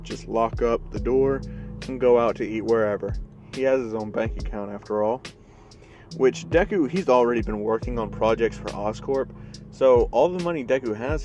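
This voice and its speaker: A man narrating a story in a loose, conversational way, full of fillers. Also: medium pitch. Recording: music playing behind the voice.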